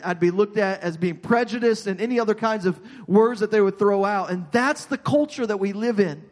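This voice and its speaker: A man with a high voice delivers a sermon from the pulpit, earnest and insistent. He doubles back on his words again and again as he presses his point. His voice rings with the long reverb of a large church sanctuary. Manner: earnest preaching with frequent repeated words and restarts. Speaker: pastor.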